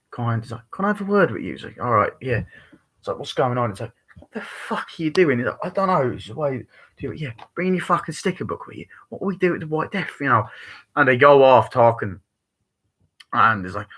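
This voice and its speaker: A man's voice: medium pitch, pushed and bright, rough recording. A man giving a casual, rambling movie review, swearing a lot and acting out lines of dialogue as he goes. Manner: rambling, profane, acts out quoted dialogue.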